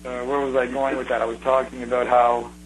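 A middle-aged man telling rambling, animated stories in a casual conversation, restarting his sentences often. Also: mid-range voice, fairly quick, slight background noise, poor audio.

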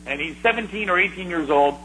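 Middle-aged man, fairly high bright voice, animated rambling storyteller, faint background hiss. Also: fast talker, rough recording. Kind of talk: casual reminiscing conversation.

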